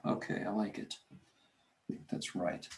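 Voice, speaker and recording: Muttering male math teacher, echoey room. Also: unhurried. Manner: talks to himself while working, mutters and curses under his breath. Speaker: math instructor. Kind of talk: recorded classroom lecture.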